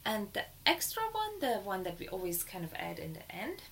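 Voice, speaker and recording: A woman, not a native English speaker, giving a spiritual teaching in an earnest way, her voice rising high and excited when she is moved. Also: normal speed, rough recording. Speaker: dharma teacher.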